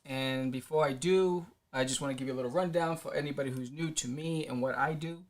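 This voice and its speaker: A middle-aged man hosting a live stream as an independent comic creator, talking casually in a rambling, excitable way with many fillers. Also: medium pitch, a little fast, slight background noise.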